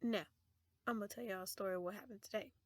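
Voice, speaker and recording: Teen girl, casual vlog storytelling, animated, laughing, mid pitch, dry close sound. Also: quick pace, dry recording. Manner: animated, laughing, quotes friends in loud bursts. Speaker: vlogger.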